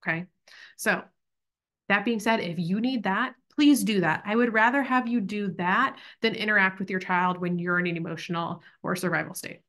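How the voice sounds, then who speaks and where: A bright, clear-toned woman in her thirties gives a relaxed parenting lesson. She talks in a loose, chatty way, sprinkling in "like" and "right?", and now and then slips into a small voice to act out a child's thoughts. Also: medium pitch, moderate pace. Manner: chatty, many "like" and "right?" tags. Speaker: parent educator. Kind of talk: casual online parenting class.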